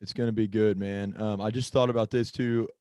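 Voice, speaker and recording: A man's voice: fairly low pitch, steady tone, a little fast, a little mellow, clean tone, dry recording. Rambling, chatty man on a sports podcast. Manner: rambling, self-interrupting, loses his train of thought. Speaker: podcast co-host. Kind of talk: casual sports podcast chat.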